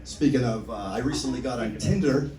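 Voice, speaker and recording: A man's voice: mid-range voice, fairly quick, dark tone, far from the mic, slight background noise. A man doing a stand-up set on a comedy club stage, wry and self-mocking. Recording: roomy club sound from afar. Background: audience laughter.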